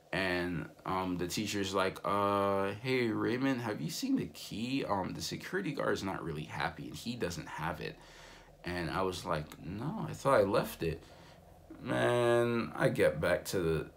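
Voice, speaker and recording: A young man vlogging, casually telling stories with a relaxed, rambling manner full of fillers. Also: low-pitched, creaky, slight background noise. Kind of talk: casual storytelling vlog.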